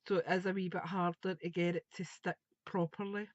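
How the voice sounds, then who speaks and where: A woman's voice: on the low side, flat delivery, brisk, no echo, highs cut off. A woman, chatting and thinking aloud as she demonstrates a craft project live. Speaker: craft tutor.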